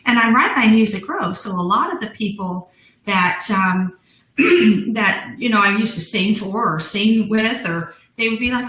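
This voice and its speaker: A woman's voice: medium pitch, lively intonation, unhurried, fairly bright tone, reverberant, low-quality recording. A middle-aged woman, a business founder, telling her story as a guest in a live interview, bubbly and laughing often. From United States.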